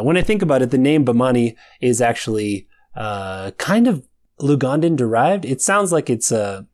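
A man's voice: mid-range voice, a little mellow. American guy, author, chatting about his audiobook voices, easygoing, laughs a lot. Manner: chatty, laughs often, briefly demonstrates character accents. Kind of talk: casual chat about his narration.

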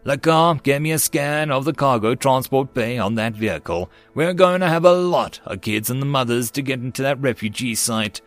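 A man's voice: mid-range voice, moderate pace, few pauses, no room sound, faint music behind, lightly acted. Man doing a clipped soldier sergeant. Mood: commanding. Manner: clipped, commanding. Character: calm commanding male soldier sergeant.

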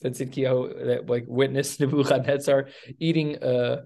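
A man teaches a text study group in a gravelly voice. He tells the story with animated asides and quick questions to his students. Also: medium pitch. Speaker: teacher leading a study class.

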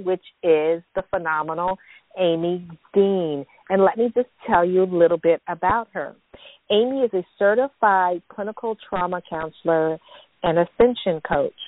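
A woman's voice: lowish voice, no echo. A woman hosting a talk show, chatty and enthusiastic, reading sponsor messages with fillers. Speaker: host. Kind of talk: casual podcast talk. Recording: tinny phone-like sound.

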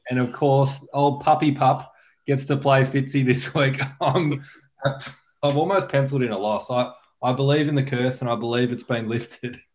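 A man's voice: medium pitch, steady tone, moderate pace, darkish tone. A man co-hosting a podcast in casual chat, joking and laughing between lines. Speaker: podcast co-host.

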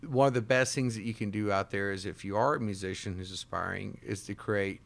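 A man with a somewhat low voice talks casually as a show guest. He rambles from point to point and animates his stories by putting on other people's voices. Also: brisk, gravelly. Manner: rambling, animated, breaks into impressions. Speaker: guest, bartender and bass player. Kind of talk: casual chat.

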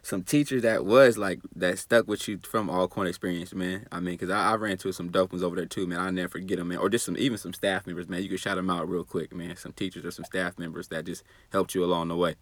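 A male host with a very low voice asks questions in a casual, laid-back way. His sound is dry and close. He keeps the talk going with short agreeing replies. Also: fast talker, hardly any pauses, no echo. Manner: relaxed, lots of short backchannel replies. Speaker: podcast host. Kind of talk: casual interview.

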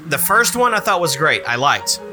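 A man co-hosting a casual podcast about movies, animated and rambling, repeating himself and swearing freely. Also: a little high, moderate pace, music in the background. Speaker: podcast co-host.

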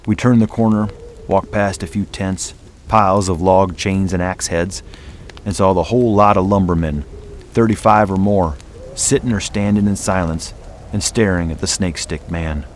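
Low-voiced man narrating a dramatic story. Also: fairly even intonation, slight background noise. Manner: measured and dramatic. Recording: music playing underneath. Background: music.

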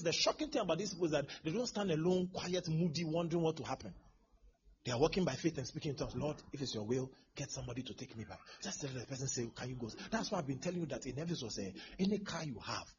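A man preaching a sermon as pastor, swinging from hushed asides to shouting. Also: on the high side, breathy edge. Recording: dull lo-fi sermon recording.

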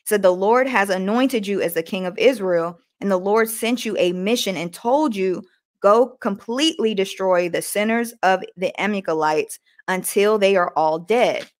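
A woman's voice: mid-range voice, normal speed. A woman podcast host reading scripture aloud, stumbling and correcting herself, then retelling the scenes in casual everyday words. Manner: reads aloud with frequent restarts and self-corrections. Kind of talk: devotional reading with casual commentary.

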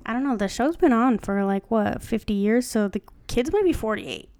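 A woman's voice: a little high, animated, normal speed, a little mellow, no echo. A woman co-hosting a casual podcast, reading a fan story aloud and breaking off to joke and comment. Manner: chatty, joking, stops to comment.

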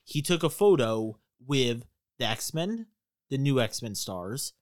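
A man's voice: medium pitch, sing-song, slow pace, no room sound, clean studio sound. A man co-hosting a casual podcast, relaying facts and reading quotes aloud. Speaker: podcast co-host.

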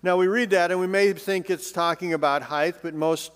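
A man preaching a sermon with a fairly high voice that carries a long reverb, as if he is in a large hall. He is conversational and drops in light, joking asides. He swings between emphatic lines and hushed, soft-spoken ones. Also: fairly even intonation, normal speed, smooth. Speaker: pastor.

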